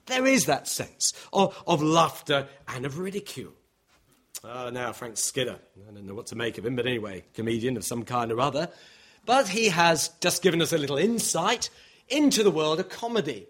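A man's voice: medium pitch, a little fast, breathy edge. A man preaching a sermon, acting out the objections of his listeners and chuckling now and then. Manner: animated, acts out voices of listeners, occasional chuckles.

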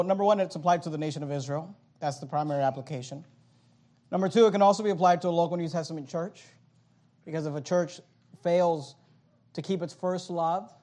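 A man with a very high voice delivers a sermon from the pulpit of a church auditorium. He preaches emphatically, repeats his phrases in runs, and swings between loud, pressing lines and quiet ones. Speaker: pastor.

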